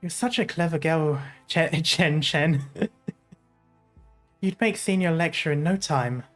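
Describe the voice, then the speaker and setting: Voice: mid-range voice, slow, soft background music, lightly acted. A streamer putting on a teasing senior officer.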